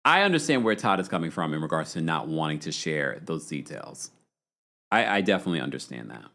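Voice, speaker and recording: With a rumbling, creaky low voice and a fairly quick pace, a man hosts a podcast that recaps reality TV on a live stream. He keeps things chatty and animated while reading out super chats from viewers.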